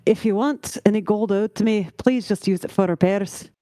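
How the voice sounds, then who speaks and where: A woman's voice: medium pitch, normal speed, mellow, no echo, lightly acted. A woman voicing a friendly, plainspoken female dwarf adventurer.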